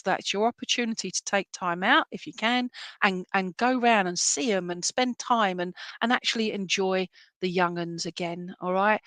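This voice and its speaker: A British woman working as a medium, gently passing on a spirit message and often checking in with "all right?" and "okay?". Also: mid-range voice, dry recording.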